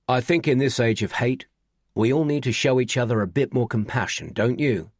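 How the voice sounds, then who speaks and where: A man voicing a calm, firm male restaurant owner in an audiobook, speaking low and measured. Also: no room sound, clean studio sound, lightly acted. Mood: steady. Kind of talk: audiobook character voice.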